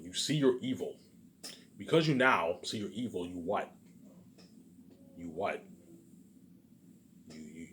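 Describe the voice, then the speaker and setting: A low-pitched man, heard over a little hiss or hum, gives a rambling solo monologue as a channel host. He addresses viewers profanely, emphatically, and grandiosely, repeating "obviously" and "you know what I'm saying" again and again.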